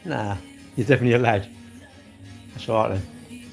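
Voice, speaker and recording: A man's voice: on the low side, moderate pace, vocal fry. A man, chatting casually on a live stream and bantering with his viewers' comments. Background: faint music.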